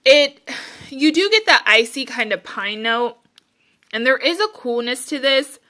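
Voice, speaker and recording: Chatty woman a bit out of breath, bright voice, kinda high, lots of ums and likes. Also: expressive, a little slow. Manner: chatty, rambling, lots of fillers like "um" and "like". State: a little out of breath. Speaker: candle and wax melt reviewer. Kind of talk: casual chat.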